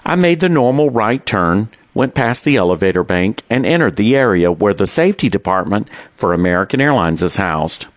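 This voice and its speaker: A middle-aged man reads his personal diary aloud at a calm, unhurried pace. His voice sits fairly low yet moves with lively rises and falls. The sound is close and dry, with no room around it. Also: no room sound. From Texas. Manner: measured, unhurried storytelling. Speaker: narrator. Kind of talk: scripted personal diary narration.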